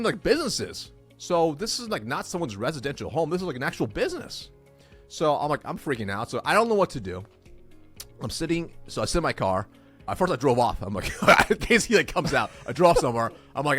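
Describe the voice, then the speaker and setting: A man in his thirties, a sales coach and podcast guest, telling a story in an animated way and acting out the dialogue. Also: fairly high pitch, a little fast, husky, faint music behind. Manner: acts out dialogue, excitable.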